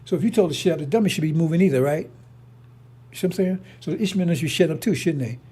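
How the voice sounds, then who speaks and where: A man's voice: on the high side, racing, dark tone, breathy edge. A middle-aged man giving a casual preaching monologue as a religious commentator, rambling and repetitive, blunt and profane.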